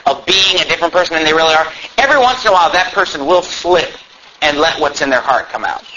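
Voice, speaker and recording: A man's voice: a little high, sharp tone. A male pastor preaching a sermon, emphatic and full of rhetorical questions. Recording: dull lo-fi with faint noise.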